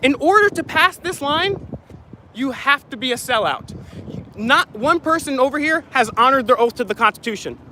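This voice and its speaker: A man's voice: very high-pitched, lively intonation, moderate pace, slight background noise, poor audio. A man vlogging live with a handheld phone outdoors at a public event, heckling and accusing officials in a confrontational rant. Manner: heckling, accusatory, shouting boos. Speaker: activist vlogger filming a protest. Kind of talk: live protest vlog commentary. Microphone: phone held while filming.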